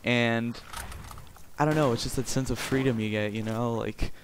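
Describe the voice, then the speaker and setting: A man's voice: mid-range voice, steady tone, moderate pace. A sixteen-year-old boy from Canada, rambling crudely and jokingly through casual gameplay commentary. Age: teens. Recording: game gunfire noise behind voice.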